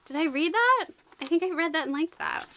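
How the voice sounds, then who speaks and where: A woman chatting casually as she unboxes books, gushing and excitable, with quick joking asides. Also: very high-pitched, background noise. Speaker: book vlogger.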